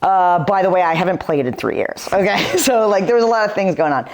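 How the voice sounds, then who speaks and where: Podcast guest, woman in her 40s, low voice, chatty storyteller leaning on "like". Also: expressive, fast talker. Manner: chatty storytelling, filler-heavy "like". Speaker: guest, retired pro footballer. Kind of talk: podcast interview.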